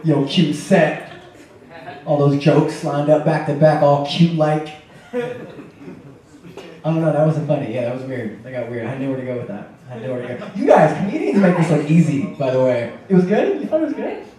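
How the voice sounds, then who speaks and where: Male emcee, teasing and rambly, slightly high voice, distant mic, very echoey club. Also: lively intonation, a little fast, warm tone. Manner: teasing, rambling banter with the audience. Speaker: comedy show host. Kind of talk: emceeing between acts. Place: comedy club stage. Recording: echoey club recorded from afar.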